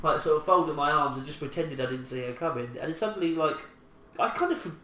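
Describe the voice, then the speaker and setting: A young man recounts a story in loose, rambling podcast chat, often laughing and restarting his sentences. His voice sits a little high. The sound is echoey, with a faint hiss under it. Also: fast talker, fairly bright tone. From England. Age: 20s. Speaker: podcast co-host. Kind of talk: casual chat, telling an anecdote. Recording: echoey room with faint ambient noise.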